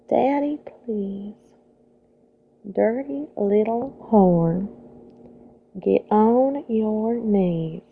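A woman voicing a bold, flirty Southern belle in a put-on American Southern accent, with a slow, sultry drawl and half-whispered words. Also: medium pitch, creaky. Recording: tinny phone-like audio, faint hiss.

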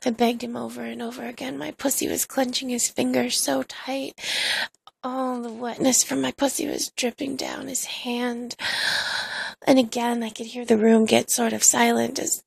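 A woman telling an intimate erotic story in a hushed, slow way, with soft sighs between phrases. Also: on the high side, little pitch movement, creaky, slightly rough.

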